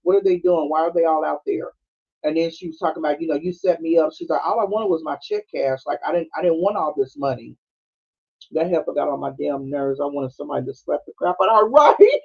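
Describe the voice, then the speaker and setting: Fast and gravelly, a little rough, this high-pitched podcast host breaks down a movie one scene at a time with a Black flavor. He performs quoted character lines and laughs often, and the lo-fi streaming sound comes across dull.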